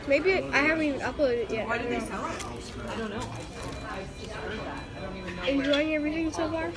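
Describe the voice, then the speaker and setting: A woman hosting a casual eating vlog at a fast-food restaurant, chatty and rambling with unsure asides. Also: high-pitched. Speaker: channel host. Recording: loud crowded restaurant. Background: loud crowd chatter.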